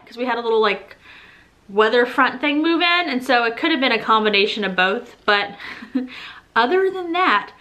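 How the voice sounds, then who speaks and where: A woman's voice: a little high, bright, forceful tone. A pregnant young woman giving a casual, rambling vlog update, laughing often as she talks. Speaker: vlogger.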